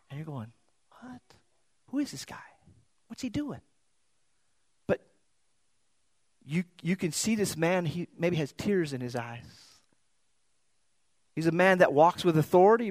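A man's voice: a little high, dry recording. Conversational male preacher, dry sound. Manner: conversational, storytelling, repeats words when searching. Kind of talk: sermon.

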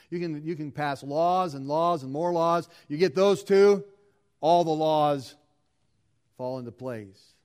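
Preaching man with a fairly high voice. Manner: preaching with rising emphasis and repeated phrases. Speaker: pastor. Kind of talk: sermon.

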